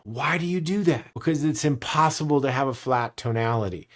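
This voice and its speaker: A man's voice: medium pitch, brisk. A man teaching sales skills, talking with emphasis and acting out different tones of voice as he explains them. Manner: animated, emphatic, demonstrates tones with his voice. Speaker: sales trainer. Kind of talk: instructional talk to camera.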